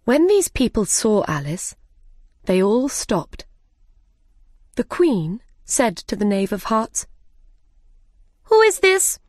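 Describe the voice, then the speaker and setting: Woman reading an easy story, really slow and clear, dry close sound. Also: mid-range voice, very animated, mellow, no echo. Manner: clear, deliberate. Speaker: narrator. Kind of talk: slow graded-reader story narration.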